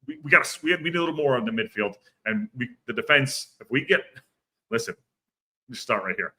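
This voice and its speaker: A man's voice: medium pitch, animated, fairly quick, sharp tone. A man hosting a casual livestream football podcast, rambling and repeating himself as he reads out viewer comments. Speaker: podcast host.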